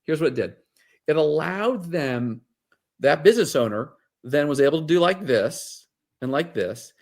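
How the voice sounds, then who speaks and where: A middle-aged man talks through client stories as a guest, circling back on himself with fillers and restarts. His pitch climbs when he gets excited about the story. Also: a little slow, vocal fry. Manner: rambling, animated storyteller with many fillers. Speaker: wealth advisor guest. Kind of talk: casual interview storytelling.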